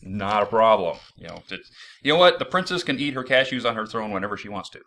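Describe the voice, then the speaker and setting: Sex: man. Role: host. Style: casual podcast interview. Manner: upbeat, joking. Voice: bright, with a very lively pitch. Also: fast. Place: San Jose, California.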